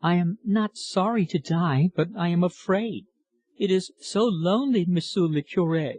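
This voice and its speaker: A man reads the part of a dying old woman in a storybook, her voice raised and trembling with fear. Her pleading words come soft and close in a dry, deadened room. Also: fairly high pitch, lively intonation, unhurried, no room sound, pitched above the performer's own voice. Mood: fearful.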